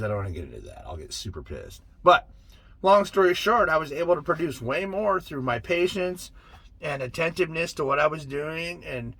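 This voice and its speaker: A middle-aged man with a husky, medium-pitched voice gives a casual motivational talk to the camera. As a vlogger, he tells stories in an animated way, acting out the quotes, and there's no echo.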